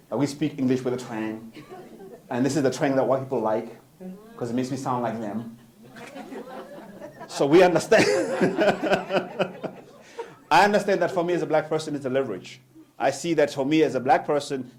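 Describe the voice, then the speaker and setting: South african guy doing a live motivational talk, bit higher voice, punchy, asks the crowd lots of questions. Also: a little mellow. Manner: emphatic, rhetorical questions, humorous asides. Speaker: motivational speaker. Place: room with live audience.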